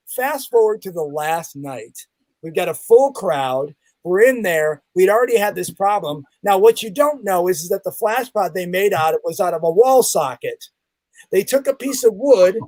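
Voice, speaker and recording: A man with a fairly high voice tells a story as a podcast guest, acting out every bang and every quoted line. The sound is close and dry, with no room around it. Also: darkish tone, no echo. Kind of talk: animated storytelling in conversation.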